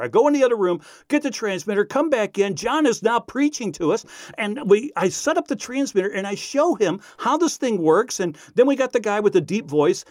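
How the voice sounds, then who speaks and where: Guy telling a story, fairly high voice, swings way up and down, dry close sound. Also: brisk, no echo. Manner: animated, self-deprecating storyteller. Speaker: radio speaker. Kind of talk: personal storytelling.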